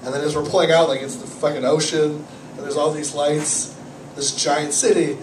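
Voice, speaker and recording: High-voiced rambling stand-up man. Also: moderate pace. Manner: rambling, self-deprecating, swearing, animated. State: has a cold. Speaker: stand-up comedian. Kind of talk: stand-up comedy set. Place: small cafe comedy night, from the audience area. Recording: echoey cafe room, camera far off, audible noise.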